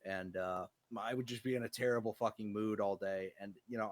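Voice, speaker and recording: A man's voice: medium pitch, fast talker, hardly any pauses, a little mellow, no room sound. An American man chatting casually, swearing freely as he rants through stories about his old job. His voice sits mid-range and sounds close and dry, with no room around it. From United States. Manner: profane, ranting storyteller. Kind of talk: casual chat.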